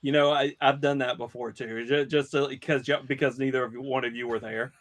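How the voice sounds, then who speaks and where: A man tells a story in casual panel chat, his voice at a medium pitch. He stops and restarts his sentences often and chuckles between them. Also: fairly even intonation, a little fast, dry recording. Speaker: podcast co-host.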